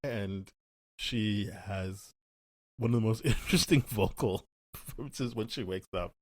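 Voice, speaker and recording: A low-pitched man talking loosely in a casual podcast chat, trailing off and restarting as he recaps. The sound is close and dry, with no room around it. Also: measured pace, no echo. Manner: rambling, acts out quotes in animated voices. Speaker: podcast co-host. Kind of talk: casual chat, spoiler review.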